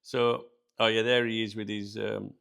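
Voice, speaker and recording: A man with a British accent hosting his channel, telling a story casually to viewers, chatty and animated, laughing often. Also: lowish voice, normal speed, creaky, clear, resonant tone. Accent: British English. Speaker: channel host.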